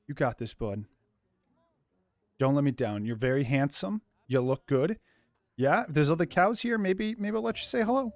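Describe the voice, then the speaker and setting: Young male let's-player, upbeat and playful, lively pitch, dry close-mic sound. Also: normal speed, long pauses, no room sound. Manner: goofy, self-described loopy, jokey asides to the viewers. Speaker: gaming YouTuber. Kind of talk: let's play commentary.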